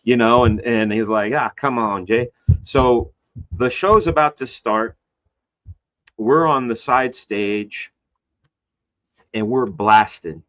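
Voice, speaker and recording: A man, a comic book artist, telling a rambling story in casual conversation, jumping into high voices to act out quotes. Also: slow, long pauses. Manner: animated, acts out quoted voices with big pitch jumps; loose and rambling with many fillers and restarts. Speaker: guest. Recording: slightly dull lo-fi sound.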